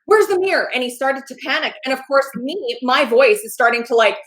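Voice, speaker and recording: A woman guest on a podcast, telling a story in an animated way, laughing and acting out the voices of the people in it. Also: sits high, brisk, poor audio. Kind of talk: casual storytelling.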